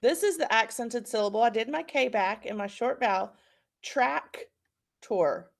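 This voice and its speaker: A woman's voice: a little high, expressive, brisk, gravelly. A woman with an Oklahoma accent teaching a phonics lesson, patiently repeating words for students to practice.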